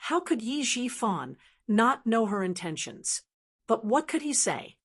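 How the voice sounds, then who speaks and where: A woman's voice: fairly high pitch, big pitch swings, a little slow, slightly rough. Woman narrating a web-novel audiobook. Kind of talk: scripted narration.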